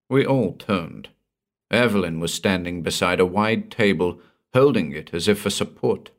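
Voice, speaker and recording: A man reading a pulp horror story aloud as narrator, in an expressive storytelling manner. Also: deep voice, normal speed.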